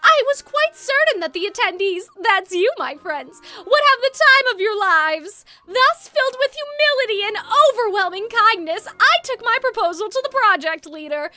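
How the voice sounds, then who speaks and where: A woman's voice: very high voice, big pitch swings, moderate pace, hardly any pauses, pushed and bright, dry recording, voice pushed up, full character voice. A woman voicing a pompous, boastful male head mage while reading game dialogue aloud, with a grand, theatrical delivery.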